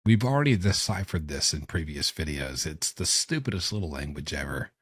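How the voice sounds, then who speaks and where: A man's voice: rumbling low, very animated, brisk, fairly bright tone, breathy edge, dry recording, clean studio sound. A man giving mocking reaction commentary on jail call recordings. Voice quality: sarcastic, mocking.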